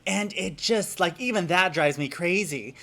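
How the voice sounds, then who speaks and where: A man from Germany, a YouTuber, giving a casual vlog lesson in a chatty, animated way that turns into exasperated pet-peeve ranting. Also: high-pitched, unhurried.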